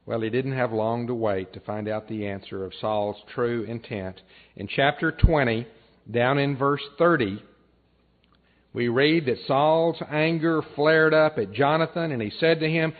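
A man preaching a sermon, retelling a story in an earnest way and dropping his voice low and soft for emphasis. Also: unhurried. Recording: tinny phone-like sound.

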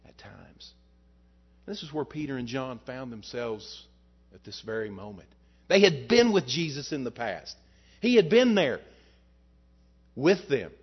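A male pastor preaching a sermon, asking the congregation rhetorical questions and swinging between loud and soft. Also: dull audio. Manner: rises and falls in pitch and loudness, rhetorical questions.

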